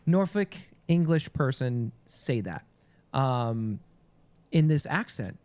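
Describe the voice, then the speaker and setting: A man's voice: mid-range voice, expressive, slow, a little mellow, smooth. Curious, rambling man in casual chat. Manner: curious, rambling, many fillers. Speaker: actor and podcast co-host.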